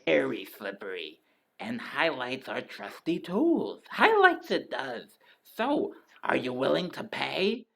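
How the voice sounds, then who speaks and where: A bloodthirsty hallway monster with a put-on Scottish brogue, voiced by a man. The voice is gravelly and leaps wildly up and down in pitch, coaxing and menacing by turns. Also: wildly swooping pitch, slow pace, exaggerated voice. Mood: sly. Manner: hissing, wheedling, then shouting demands.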